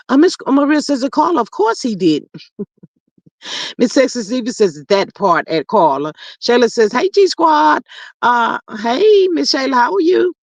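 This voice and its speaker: A livestream host casually reads viewer chat aloud and answers with playful, slangy asides and drawn-out hums. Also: high voice, lively intonation, no room sound. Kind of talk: casual commentary.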